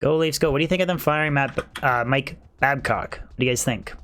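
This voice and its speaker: A young man streams a video game from home, rambling on in a relaxed, conversational way while answering his chat. He holds his voice low, careful not to wake his sleeping wife, at an ordinary middle pitch. A faint hiss and the click of a mouse sit behind him. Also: fairly quick. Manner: keeps voice down, wife asleep. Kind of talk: casual livestream chat while playing.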